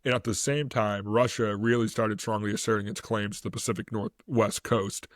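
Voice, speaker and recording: A man's voice: on the low side, fairly even intonation, normal speed, no room sound, studio quality. A man co-hosting a casual history podcast, rambling through his notes, stumbling over words and laughing often. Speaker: podcast co-host.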